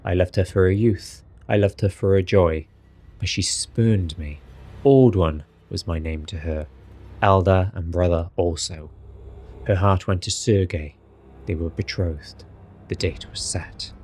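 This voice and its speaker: A man's voice: low-pitched, unhurried, a little mellow. A man voicing an ancient, irritated noble male vampire lord, reading a journal seriously and dramatically. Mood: brooding, solemn.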